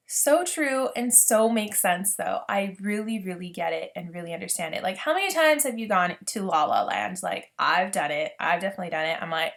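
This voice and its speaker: A woman's voice: mid-range voice, expressive, moderate pace, vocal fry. A woman reviewing a book in a casual vlog, chatty and enthusiastic, often saying "like".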